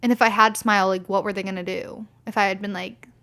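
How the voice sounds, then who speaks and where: This young woman's podcast is a casual monologue of stories told bluntly and with frustration, full of swearing and frequent "like"s. Her mid-range voice is fast, pushed and bright, with fairly even intonation.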